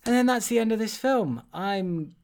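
A man hosting a casual film podcast, animated and stumbling over his words, swearing often. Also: high voice, normal speed, soft background music. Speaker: podcast host.

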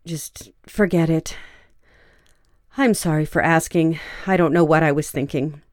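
A woman voicing a nervous, awkward young woman scribe who speaks in a halting, low-key way. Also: steady tone, no room sound, clean studio sound.

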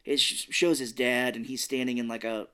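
A man's voice: mid-range voice, fairly even intonation, normal speed, a crowd in the background. Brief: male podcast co-host, rambling casual movie chat, slips into goofy voices. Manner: rambling, acts out quotes in silly voices.

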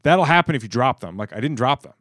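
Fast-talking, lively man co-hosting a podcast. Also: mid-range voice, dry recording, clean studio sound. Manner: fast, lively, swears freely while ranting. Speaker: podcast co-host. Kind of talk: casual chat.

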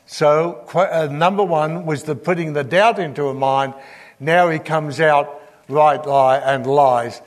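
A man preaching a sermon in a church hall, with a slightly higher voice than most men. He teaches as he reads scripture aloud and stops to put questions to the congregation. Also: measured pace.

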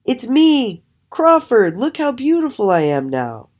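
A woman's voice: sits low, very animated, moderate pace, darkish tone, husky, exaggerated voice. A woman voicing a vain, boastful young male raven in a storybook reading, with a showy, whining manner.

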